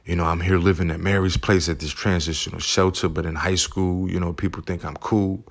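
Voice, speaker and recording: A man's voice: low-pitched, little pitch movement, fairly quick, creaky. A single father telling his own life story in a heartfelt, loose way, with lots of "you know" and "man". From United States. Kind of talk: personal storytelling.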